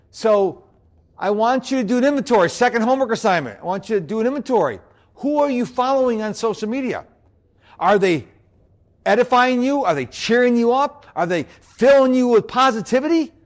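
A man giving an upbeat, energetic motivational talk on productivity to an audience, who also hosts a podcast. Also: very high-pitched. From United States. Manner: bouncy and upbeat, always energetic. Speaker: productivity speaker and podcast host.

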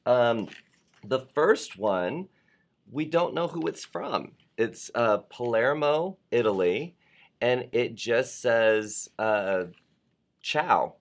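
A man's voice: medium pitch, expressive, takes it slowly. A man hosting a casual live talk show, chatting loosely and reading viewer postcards aloud.

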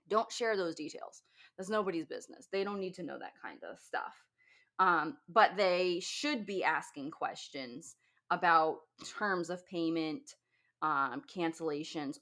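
A woman's voice: on the low side, bright, forceful tone. A woman who owns a wedding business, giving blunt, profane advice in a casual talk.

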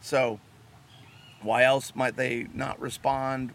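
A man's voice: medium pitch, moderate pace, creaky, a little hiss or hum. A man co-hosting a casual chat about marriage, acting out quoted lines as he explains. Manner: acts out quoted lines in lively voices. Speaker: co-host of a marriage advice show.

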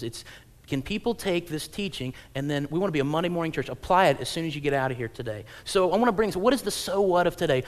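Animated high-voiced male preacher. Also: big-room sound. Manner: animated, swings from loud acted-out quotes to low quiet asides; humorous, conversational preaching. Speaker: pastor. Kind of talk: sermon.

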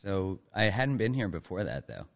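A man from Canada with a very deep voice speaks as a podcast guest. He talks in an easygoing, thoughtful way, pausing with ums and you-knows as he goes. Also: very animated, gravelly. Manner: easygoing, reflective, with fillers. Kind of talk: casual podcast interview.

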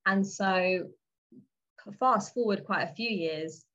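A woman's voice: medium pitch, takes it slowly, fairly bright tone, lo-fi sound. A woman from England chatting casually in a podcast conversation, rambling with many restarts.

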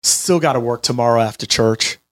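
A man in his late twenties telling a personal story in an animated, chatty way, talking straight to his listeners. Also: mid-range voice, moderate pace. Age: 20s. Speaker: healthcare business owner. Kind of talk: storytelling monologue to an audience.

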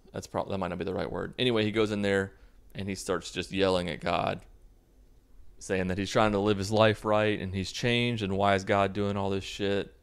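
A man casually recapping a movie in a sarcastic, deadpan way, swearing freely. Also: sits low, creaky, clean tone. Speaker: video host recapping a movie.

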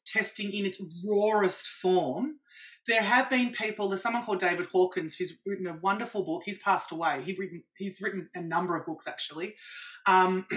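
Speaking in a mid-range voice, a female practitioner guesting on an interview describes how she works, animated and full of examples.

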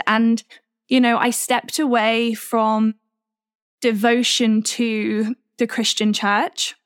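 A woman in her twenties hosting a podcast, telling a personal story in a candid, reflective, unhurried way. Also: fairly high pitch, fairly even intonation, clean tone, no echo, studio quality. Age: 20s. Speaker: podcast host.

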